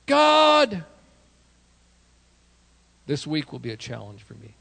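A man, a pastor, preaching an animated sermon with self-deprecating asides and sudden shouted prayers. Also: mid-range voice, fast, vocal fry, slightly rough.

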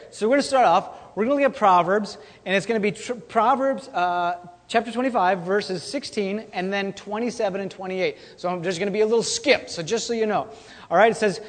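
A man's voice: high-pitched, fairly quick. A man preaching a casual sermon as a pastor. He talks conversationally, repeats his key lines and keeps checking in with "okay?" and "all right?". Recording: long reverb of a church hall.

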